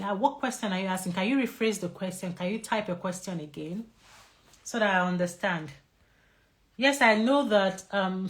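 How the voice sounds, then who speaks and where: A woman doctor with a Nigerian English accent giving a lively live talk on stress and answering viewer questions. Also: lowish voice.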